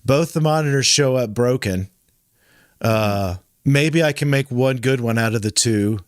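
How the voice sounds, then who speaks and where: A man's voice: medium pitch, unhurried, clear, resonant tone, no room sound, clean studio sound. A man hosting a podcast in casual chat, rambling with frequent restarts and self-corrections. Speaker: podcast host.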